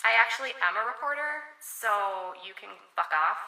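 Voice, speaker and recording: A woman's voice: fairly high pitch, animated, fairly quick, bright, forceful tone. A woman ranting at her livestream chat, combative, profane and dismissive. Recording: echoey room, far from the mic.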